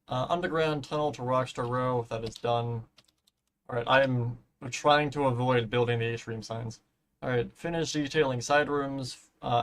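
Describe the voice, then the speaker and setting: Building something in a game on a live stream, a man talks casually in a mid-range voice. He rambles along, humming and tossing out offhand curses, while his voice is giving out.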